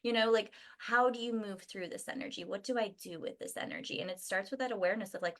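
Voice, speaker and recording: A woman guest in a casual chat, speaking in a gentle, encouraging way and laughing easily. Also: medium pitch, fast, hardly any pauses.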